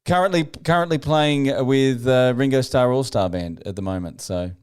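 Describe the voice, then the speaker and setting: A man's voice: medium pitch, normal speed, smooth. A man hosting an interview, asking questions in a casual, hesitant way with many "uh"s. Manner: hesitant, frequent "uh" and restarts. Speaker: interview host.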